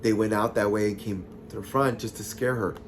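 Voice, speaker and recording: A man casually retelling a listener's ghost story, chatty and expressive, with sassy asides to the audience. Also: fairly low pitch, brisk, a little hiss or hum.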